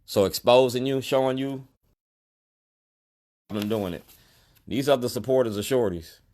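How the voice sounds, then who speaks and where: A man's voice: mid-range voice, a little slow, a little mellow. A middle-aged store owner speaking straight to the camera in a protest monologue, colloquial and emphatic, repeating his key lines. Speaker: store owner and activist vlogger.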